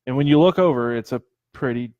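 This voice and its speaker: A man co-hosting a casual show, talking in excitable, crude banter. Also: mid-range voice, fast talker, no room sound, highs cut off. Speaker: podcast co-host. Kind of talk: casual chat.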